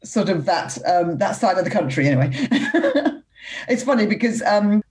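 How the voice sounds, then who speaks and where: A woman's voice: medium pitch, big pitch swings, moderate pace. A middle-aged woman, hosting a casual chat and laughing often as she talks. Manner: giggly, warm and chatty.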